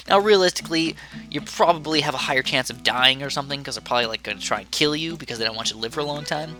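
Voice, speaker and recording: Upbeat fast-talking young gaming commentator. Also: male voice, a little high, bright, forceful tone. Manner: upbeat, chatty, rambling asides. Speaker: gaming YouTuber. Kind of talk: casual gameplay commentary.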